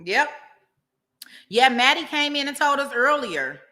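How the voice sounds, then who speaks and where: A woman's voice: high-pitched, sing-song, measured pace, bright, forceful tone. A woman hosting a casual livestream, reading out viewer comments, laughing often and chatting to her viewers in a slangy, easygoing way. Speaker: livestream host.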